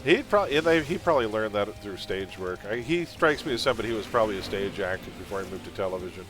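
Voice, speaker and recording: A man's voice: lowish voice, animated, fast talker, music in the background. A man chatting casually while live-streaming a game, laughing often and drifting into pop-culture tangents.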